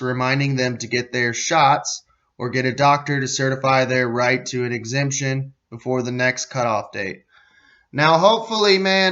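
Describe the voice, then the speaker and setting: Man, American, podcast host, sarcastic, profane, mid-pitched, muffled lo-fi sound. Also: a bit bright. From United States. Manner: sarcastic, profane asides, loses his place. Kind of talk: reading news aloud with ranting commentary.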